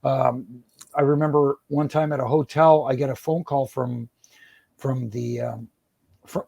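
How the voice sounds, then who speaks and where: A man's voice: medium pitch, steady tone, a little slow, creaky, warm tone, breathy edge, no echo. A middle-aged man, a former wrestling referee, tells rambling stories in an interview, restarting his sentences and chuckling. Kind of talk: storytelling in an interview.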